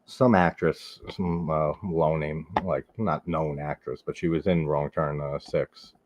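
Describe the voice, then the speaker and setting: A Long Island man with a very deep, steady voice hosts a live horror movie stream, chatting casually with viewers at an unhurried pace over a noisy background. He rambles, says "like" constantly, and swears freely.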